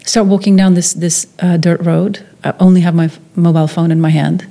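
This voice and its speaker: A woman's voice: lowish voice, fairly even intonation, fairly quick, gravelly, warm tone. A woman, a documentary filmmaker, telling a personal story in conversation, acting out the quotes with frequent restarts.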